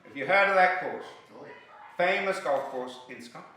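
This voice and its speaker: A man telling jokes as a stand-up comedian, lively and chuckling at his own punchlines. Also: fairly high pitch, moderate pace, very echoey, recorded from a distance, slight background noise. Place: comedy venue.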